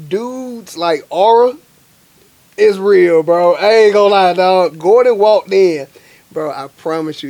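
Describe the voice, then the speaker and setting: A young adult man from Alabama, a guest chef telling stories in casual, animated talk full of slang fillers. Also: on the high side. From Montgomery, Alabama, US. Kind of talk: casual storytelling.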